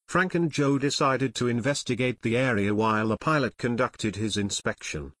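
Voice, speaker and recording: Man reading an audiobook, measured steady telling, dead dry booth, close mic. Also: mid-range voice, no echo. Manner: measured storytelling. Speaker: audiobook narrator. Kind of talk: scripted narration.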